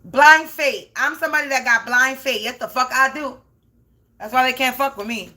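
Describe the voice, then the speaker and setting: This spiritual reader has a high-pitched, bright voice and a forceful tone, talking at a moderate pace. Facing the camera, she launches into an off-the-cuff monologue full of profanity, emphatically saying things more than once to drive them home.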